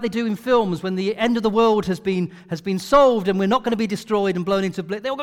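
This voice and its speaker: A man preaching a sermon in an animated, expressive storytelling manner. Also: high voice, a little fast, few pauses. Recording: long reverb of a large hall.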